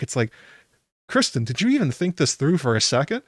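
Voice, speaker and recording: A man's voice: medium pitch, sing-song, a little fast, no room sound, studio quality. A man hosting a casual solo aftershow, chatty and incredulous, laughing often and filling gaps with ums. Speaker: YouTube aftershow host. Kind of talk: casual solo reaction commentary.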